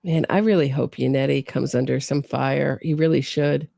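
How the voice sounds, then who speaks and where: A woman hosts a true crime show, delivering incredulous, sarcastic commentary and firing off pointed questions. Her voice is dark with a gravelly creak, recorded close and dry. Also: a bass voice, steady tone, moderate pace, dry recording. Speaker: true crime podcast host.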